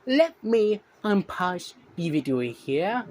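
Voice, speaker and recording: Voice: medium pitch, big pitch swings, drawn-out words, darkish tone, slight background noise. A vlogger ranting indignantly at viewers in a profane reaction commentary.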